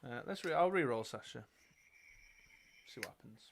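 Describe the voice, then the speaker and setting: British man, mid-pitched voice, casual game banter, thinks out loud, counts dice. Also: expressive, moderate pace, vocal fry, long pauses, a little hiss or hum. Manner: chatty, thinks aloud while reading cards and counting dice. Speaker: game show co-host. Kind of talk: casual live game commentary.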